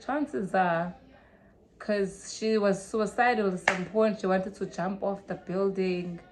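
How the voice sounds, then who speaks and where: A young South African woman telling a story in a casual, animated way, mixing Zulu into English and swinging from loud to hushed. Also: mid-range voice, slow, background noise. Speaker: vlogger.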